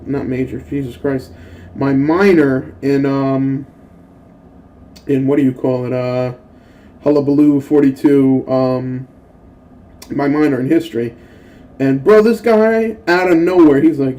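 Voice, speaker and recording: A young adult man hosting a mobile game channel, telling profane, animated stories in casual gaming commentary. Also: fairly high pitch. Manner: profane, animated storytelling rant.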